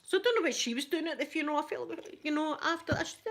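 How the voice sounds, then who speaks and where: A woman's voice: sits high, very fast, hardly any pauses, slight background noise. Chatty Scottish woman telling a story. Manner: chatty, animated anecdote telling. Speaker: ASMR channel host. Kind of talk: casual storytelling chat.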